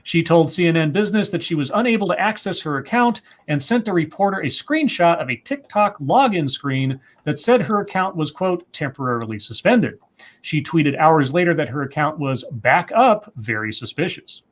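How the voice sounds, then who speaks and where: A man's voice: a little high, very animated, moderate pace. A man co-hosting a livestream, reading news articles aloud and breaking in with asides and self-corrections. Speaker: co-host.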